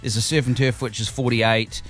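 A man's voice: mid-range voice, level tone, normal speed, a bit bright, soft background music. A man, hosting breakfast radio and chatting loosely with hesitations. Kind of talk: casual radio banter.

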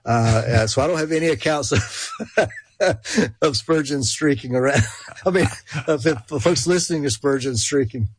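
A man's voice: mid-range voice, moderate pace, breathy edge, dry recording. A man with a country Georgia accent, speaking as a guest expert on a call-in radio talk show, with many fillers and restarts. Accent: rural Georgia. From Georgia, USA.

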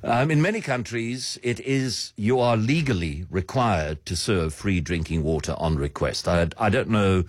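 A man's voice: lowish voice, expressive, measured pace, few pauses, dry recording. A man hosting a radio talk show, delivering a sardonic, theatrical monologue with a swooping delivery. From South Africa.

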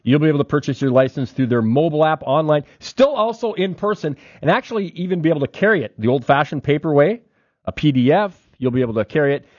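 A man hosting a morning radio show, chatting and reading updates in a brisk, upbeat announcer manner. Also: a little high, a little mellow, no room sound. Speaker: radio host. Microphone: studio microphone. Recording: slightly dull, dry radio studio sound.

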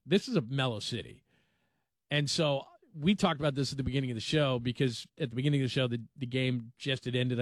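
A man's voice: medium pitch, no echo. A man hosting a sports talk radio show, rambling and conversational with dry sarcasm. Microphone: studio microphone.

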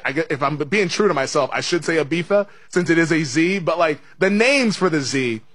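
A man's voice: fairly high pitch, expressive, a little fast, a bit bright, breathy edge, no echo. A man hosting a sports betting show, chatting casually through a live match watch-along with lots of fillers and laughs. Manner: chatty, laughs often, many fillers and restarts.

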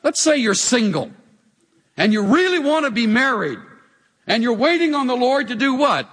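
A male pastor delivering a sermon, animated and wry, firing rhetorical questions at his listeners. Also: very high voice, normal speed, slightly rough. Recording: long hall reverb.

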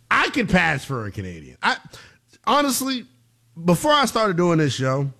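A man's voice: sits high, huge pitch swings, normal speed, bright, forceful tone. A man hosting a sports talk radio show, brash and joking, hyping his segments.

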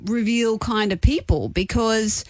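A woman's voice: a little high, unhurried, no echo, studio quality. A woman radio host, in her thirties, telling a story in casual on-air chat and acting out the quotes. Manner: animated storyteller, acts out quotes.

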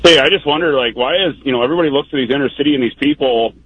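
A man's voice: medium pitch, rapid-fire, husky, no echo. A man calling a radio talk show, rambling and getting heated as he makes his point. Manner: rambling, heated, lots of "like" fillers. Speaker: caller. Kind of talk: phone-in call. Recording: muffled phone line.

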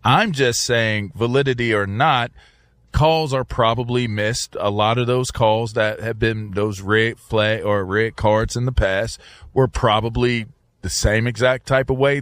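A man's voice: mid-range voice, a bit bright, dry recording. A man co-hosting a casual talk show, arguing his point with frequent restarts and repeated words. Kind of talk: casual debate chat.

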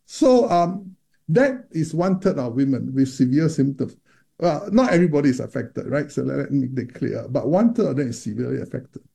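Gravelly, dark-toned doctor explaining patiently. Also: male voice, medium pitch, lively intonation, a little fast. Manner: explanatory, many repeated words and restarts. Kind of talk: interview about menopause research.

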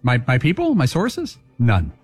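A man who is a regular on a sports talk show, trading deadpan quips with the host. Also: medium pitch, a little slow, breathy edge, soft background music. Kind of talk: casual studio banter.

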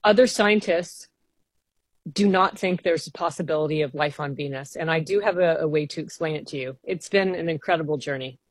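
Woman scientist, interview guest, low voice, earnest and keen, dry studio sound. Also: brisk, dry recording. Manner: earnest, enthusiastic, explains at length. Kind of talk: radio interview.

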